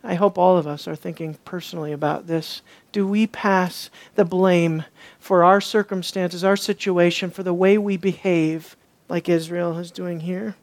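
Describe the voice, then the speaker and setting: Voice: medium pitch, steady tone, normal speed. A preacher delivering a sermon, repeating key lines and pressing the listeners with rhetorical questions. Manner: rhetorical questions and emphatic repetition.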